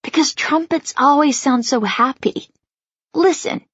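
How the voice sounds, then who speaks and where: A woman reads a relaxed, cheerful teenage boy in a storybook, playful and gently reassuring. His lines sit a little above the reader's own voice, and the recording is dry with a slightly muffled top. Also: high voice, unhurried, no echo, voice pushed up. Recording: dry, slightly dull studio sound.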